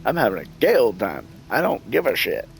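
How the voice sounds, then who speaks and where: A man's voice: fairly low pitch, wildly swooping pitch, a little fast, vocal fry, a little hiss or hum, low-quality recording. A man telling a story in casual, profane chat, laughing often and acting out what people said. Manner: profane, laughs often, acts out quoted dialogue. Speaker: gaming channel host.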